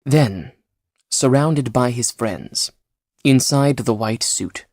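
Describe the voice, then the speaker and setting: A woman narrating an audiobook in a measured, unhurried storytelling manner. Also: very deep voice, a little mellow, dry recording, clean studio sound. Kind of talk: scripted narration.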